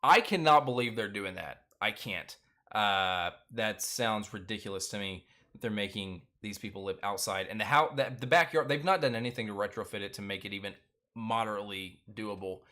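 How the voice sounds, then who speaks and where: Speaking fairly quickly in a lowish, sharp-toned voice, a man runs his own reality TV recap channel. His casual episode chat is loose, full of fillers, and heavy on strong opinions.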